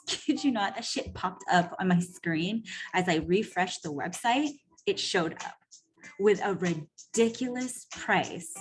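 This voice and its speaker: A woman coach telling a story in a casual, profane monologue, animated and full of "like" and "right?". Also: lowish voice. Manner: animated, acts out quoted voices. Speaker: personal growth coach.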